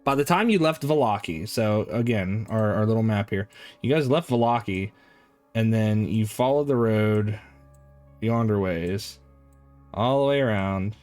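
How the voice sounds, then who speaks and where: Lively-voiced male dungeon master. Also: on the low side, unhurried, soft background music. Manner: explanatory, repeats words as he goes. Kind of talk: narrating a tabletop game.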